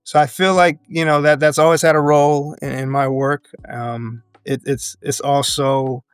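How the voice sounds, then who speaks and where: A man talking in an interview as an educator and activist, earnest and reflective, building his points in measured phrases and laughing often. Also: on the high side, little pitch movement, clear, resonant tone, dry recording, studio quality. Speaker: podcast guest, educator and activist.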